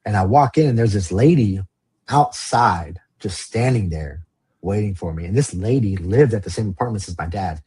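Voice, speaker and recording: Low, deeply husky man telling his story. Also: expressive, moderate pace, dark tone. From Los Angeles, San Fernando Valley. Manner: casual, rambling, swears, heavy use of "like" and "you know". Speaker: podcast guest. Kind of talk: candid storytelling interview.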